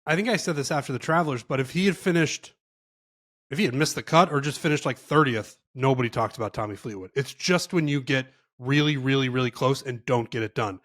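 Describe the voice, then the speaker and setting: A man's voice: mid-range voice, a little fast, fairly bright tone. A man co-hosting a golf podcast in casual chat, reading off stats and getting emphatic. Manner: reads off stats, then gets emphatic. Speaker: podcast co-host.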